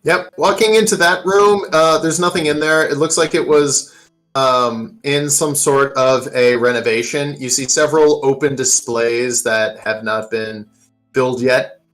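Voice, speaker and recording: Brief: laid-back game master, mid-pitched, loose and chatty narration. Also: a little slow, faint music behind, low-quality recording. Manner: relaxed, filler-heavy narration.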